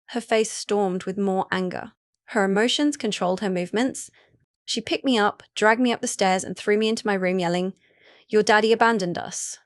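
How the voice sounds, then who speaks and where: A woman narrating a first-person audiobook in an even, steady reading. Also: medium pitch, normal speed, dry recording, clean studio sound.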